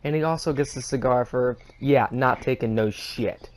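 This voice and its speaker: A man co-hosting a casual racing podcast, swearing freely and ranting bluntly. His voice sits in an ordinary middle pitch. The talk is loose and unscripted. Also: moderate pace, a little hiss or hum. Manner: profane, blunt and heated. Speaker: podcast co-host. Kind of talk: casual sports podcast rant.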